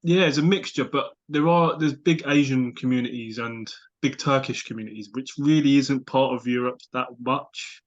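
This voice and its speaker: A man's voice: medium pitch, moderate pace, few pauses, muffled recording. A man from London with a London English accent, a podcast guest talking casually in an easygoing way with many fillers. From London, England. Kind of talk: casual chat.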